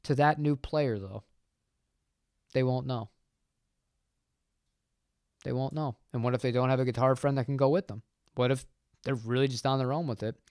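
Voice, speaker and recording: A man's voice: medium pitch, clear, resonant tone, no room sound, studio quality. Opinionated man chatting on a livestream. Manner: rambling, opinionated, animated. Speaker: channel host answering chat. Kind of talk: casual livestream chat.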